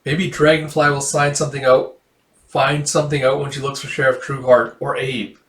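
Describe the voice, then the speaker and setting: A man's voice: medium pitch, flat delivery, normal speed, a bit bright, reverberant, lightly acted. A man voicing a male companion who is dry and encouraging.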